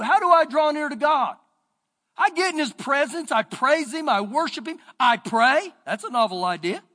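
A man with a Texan accent preaching a sermon as pastor, his voice rising and falling in pitch and loudness. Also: expressive, normal speed. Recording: church sermon with long reverb.

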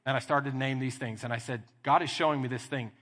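Texan man preaching, bright forceful voice, long hall reverb. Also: medium pitch, quick pace. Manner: animated storytelling, acting out dialogue. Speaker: pastor. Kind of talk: sermon. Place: church sanctuary.

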